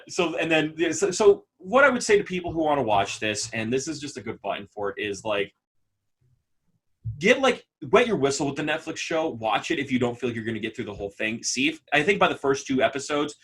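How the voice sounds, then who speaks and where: Male podcast co-host, mid-pitched voice, casual and lively, laughs a lot. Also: fairly quick, slightly rough. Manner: animated, laughs and mimics characters often. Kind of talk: casual chat.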